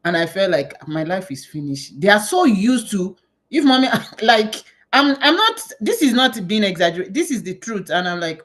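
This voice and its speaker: A woman from Nigeria, moderating a panel and telling self-mocking stories in a lively way. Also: mid-range voice, brisk. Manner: animated, self-mocking storyteller. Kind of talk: conversational panel facilitation.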